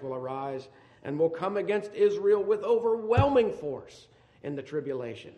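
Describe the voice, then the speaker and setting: A man delivers a sermon in a high, ringing voice, climbing to forceful peaks and then falling back to hushed, low asides. His voice carries with a roomy echo around it. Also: lively intonation, moderate pace. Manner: swings between loud emphatic peaks and quiet low asides. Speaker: preacher.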